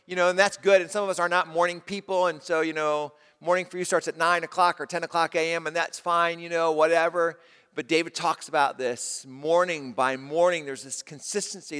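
A male pastor delivers a sermon in a slightly higher register than most men. He sinks into soft, low passages, then climbs back up with emphasis. A long reverb from a large hall follows every phrase. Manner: dynamic preaching, drops to soft low tones and rises with emphasis.

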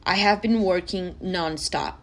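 A woman's voice: lowish voice, unhurried. A woman, hosting a personal podcast and speaking earnestly and emotionally to her listeners. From Brazil. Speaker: podcast host.

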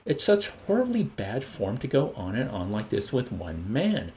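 A prim, sensible young woman fussing at her friend in a lively, rising voice, put on by a man reading a novel aloud. Her scolding is chatty and insistent, with a faint hiss of room ambience behind her. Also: medium pitch, moderate pace.

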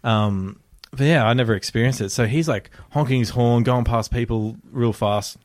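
A young Australian man telling a story in casual chat, animated, swearing often and laughing as he talks. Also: medium pitch, normal speed, no echo, studio quality.

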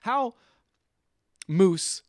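Animated young man recapping a movie. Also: sits high, drawn-out words, dry recording, studio quality. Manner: animated, quotes movie lines in put-on voices. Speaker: podcast co-host. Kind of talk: casual movie-recap chat.

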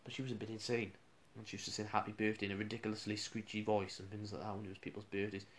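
A man's voice: lowish voice, little pitch movement, racing, a little hiss or hum. A man, a radio presenter, casually rambling through funny school anecdotes with restarts and chuckles.

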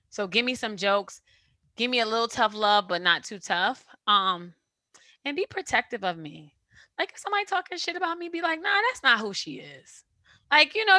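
A woman's voice: medium pitch, no echo. A woman co-hosting a casual chat, emphatic and slangy, telling stories with lots of energy. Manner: emphatic, slangy, animated storytelling.

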